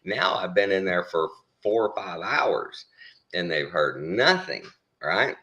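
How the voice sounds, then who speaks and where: A middle-aged man telling a story in casual chat, slipping into high voices when he quotes other people. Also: animated, takes it slowly, sharp tone, lo-fi sound.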